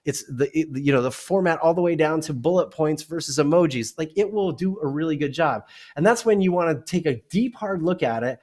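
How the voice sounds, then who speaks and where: Animated male keynote speaker. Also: fairly high pitch, a little fast, hardly any pauses. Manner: animated, acts out dialogues. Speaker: guest, keynote speaker and author. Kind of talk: conversational interview.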